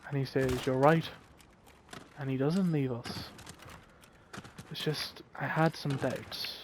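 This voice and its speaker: A man slowly telling a heartfelt story in an earnest way, often repeating his phrases. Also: medium pitch, steady tone, a little hiss or hum. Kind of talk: storytelling monologue over gameplay.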